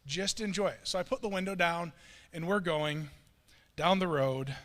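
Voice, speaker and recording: A middle-aged man pastor telling a self-mocking story in a sermon, animated and quoting himself and others. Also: a little high, unhurried, a little hiss or hum. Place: church sanctuary. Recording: long reverb of a church hall.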